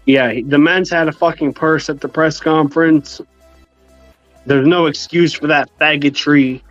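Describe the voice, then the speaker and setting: Man, slightly high voice, crude provoking tone, dry dull stream audio, music behind. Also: steady tone, no room sound. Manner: crude, provoking, drawn-out jabs. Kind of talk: casual chat.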